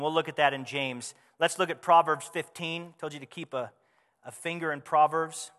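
A man preaching a sermon, his voice high and bright with a tense edge. He talks to the congregation conversationally, tossing out rhetorical questions. A long reverb hangs on his words as if in a large hall. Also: fairly even intonation, normal speed. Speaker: pastor.

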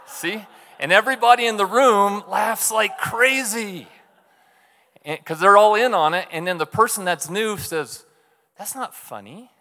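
In a high, sharp-toned voice at normal speed, a pastor delivers a story-filled, conversational sermon. He regularly asks the congregation "right?", and the recording carries a large hall's long reverb.

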